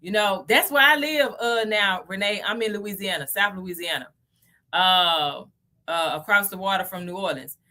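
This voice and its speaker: A woman in her thirties with a Southern accent from Tennessee hosts a relaxed livestream lesson. Her voice is bright and forward at a middling pitch. She talks chattily to her viewers and keeps checking in with a quick "okay?". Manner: chatty, asks "okay?" often, addresses viewers as y'all. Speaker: crypto livestream host. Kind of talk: casual livestream teaching.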